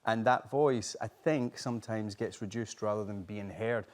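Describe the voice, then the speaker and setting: A Scottish man, a talk show guest, telling lively, salty stories and acting out quotes in a TV studio. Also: on the low side, normal speed. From Scotland. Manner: lively storyteller, acts out quotes, swears, laughs often. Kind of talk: casual chat show anecdote. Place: TV studio with live audience.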